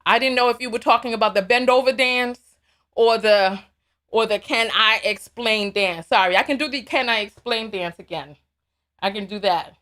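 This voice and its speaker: A woman hosting a live call-in stream, reading viewer messages aloud and commenting in an animated, sassy way. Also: a little high. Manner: animated, sassy, quick to laugh. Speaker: live call-in show host.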